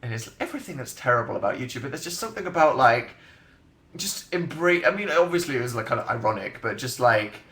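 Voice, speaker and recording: A man's voice: medium pitch, sing-song, quick pace, bright, forceful tone, reverberant. A young man in his twenties chatting casually on a livestream, rambling and sardonic, laughing often as he reads out comments. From England. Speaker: livestream host. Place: bedroom livestream setup, indoors.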